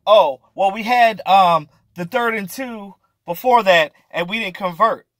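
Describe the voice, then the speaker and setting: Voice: mid-range voice, measured pace, a bit bright, no room sound, close to an everyday voice. A sports vlogger mimicking a football coach who makes hesitant, mild excuses. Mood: excusing.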